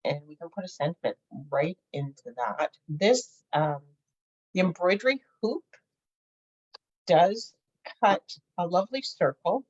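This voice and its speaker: A woman's voice: lowish voice, darkish tone, husky. A middle-aged woman hosting a crafting video, chatting casually, giggling and thinking aloud as she works. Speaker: crafting channel host. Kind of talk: casual crafting tutorial chat. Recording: dull lo-fi home recording.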